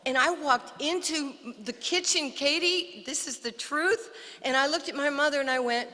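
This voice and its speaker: An older woman from New York with a New York accent, telling an animated personal story as a speaker at an outdoor park dedication. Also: high-pitched, moderate pace, big-room sound. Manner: animated storyteller, acts out quotes. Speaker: guest speaker. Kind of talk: storytelling speech.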